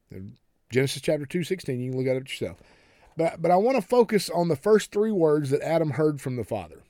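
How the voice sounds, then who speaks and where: A man preaching a sermon in a folksy, conversational way, with restarts and repeated words, slowing down hard on key phrases. He is from the United States. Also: fairly high pitch, expressive, dark tone, dry recording, studio quality. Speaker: pastor.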